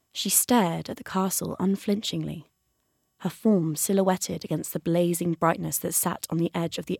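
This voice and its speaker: A woman reading several stories aloud with lively, animated narration. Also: on the low side, no echo, clean studio sound. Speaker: audiobook narrator. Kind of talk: expressive read-aloud narration.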